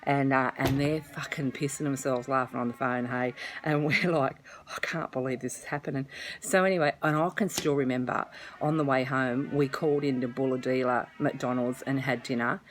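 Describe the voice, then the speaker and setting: A woman's voice: a bass voice, fairly even intonation, normal speed, slight background noise. A middle-aged Australian woman telling a funny family story to her followers in a chatty, self-mocking way, swearing freely. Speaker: vlogger. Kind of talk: casual storytelling to camera.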